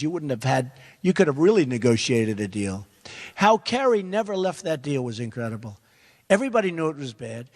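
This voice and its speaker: A man's voice: fairly high pitch, in a large hall. An older man answering questions as a political candidate, speaking emphatically, repeating phrases and wandering into asides. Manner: repetitive, emphatic, rambling asides. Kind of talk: campaign forum answer.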